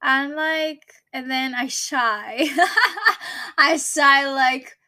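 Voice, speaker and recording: Young Greek woman, high bright voice. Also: drawn-out words, no echo, clean studio sound. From Greece. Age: 20s. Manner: rambling, searches for English words. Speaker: vlogger. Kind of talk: casual personal storytelling.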